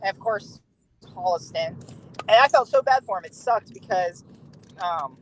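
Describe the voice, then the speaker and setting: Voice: mid-range voice, animated, normal speed, fairly bright tone, slight background noise, low-quality recording. A podcast guest chatting casually and telling a rambling story, with many fillers and laughs. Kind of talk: casual chat.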